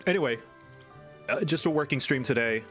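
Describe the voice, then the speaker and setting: A man's voice: medium pitch, brisk, a bit bright, faint music behind. A man streaming live, in casual chat and ranting with exasperation. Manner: exasperated, venting rant. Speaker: streamer and animator.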